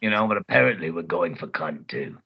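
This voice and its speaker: Animated man on a muffled line. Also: low-pitched, fairly quick, creaky, husky. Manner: animated, breaks into loud sung snippets and mimicked voices. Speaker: voice actor guest. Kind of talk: casual interview chat.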